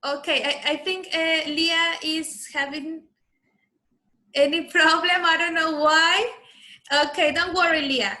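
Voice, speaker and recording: A woman with a high, bright voice leads an online class for children. She is patient and coaches each pupil's pronunciation. She speaks over a computer microphone on a video call. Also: fairly even intonation, slow. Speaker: English teacher.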